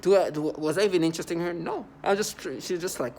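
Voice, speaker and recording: This man's voice sits high and a little mellow, and he races along over slight background noise. A New York City vlogger, he delivers a scornful, rambling monologue to his audience, repeating points and laughing mockingly.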